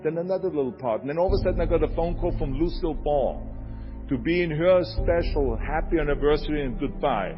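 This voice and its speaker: A man's voice: fairly high pitch, brisk, lo-fi sound. Older Austrian man with a strong accent, delivers an emphatic motivational speech in a raised voice over a music bed. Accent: Austrian German. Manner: emphatic, repeats lines for effect. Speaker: motivational speaker.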